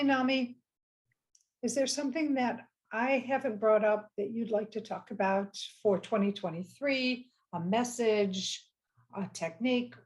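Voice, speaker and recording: A woman's voice: a little high, darkish tone. A woman hosting a spiritual podcast, affirming her guest and describing visions with enthusiasm. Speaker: podcast host. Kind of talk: spiritual interview conversation.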